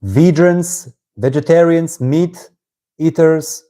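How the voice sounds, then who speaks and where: German-accented male satsang teacher, mellow tone, reflective with tag-question "yeah?"s. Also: on the high side, slow pace. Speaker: spiritual teacher. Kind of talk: live-streamed satsang talk.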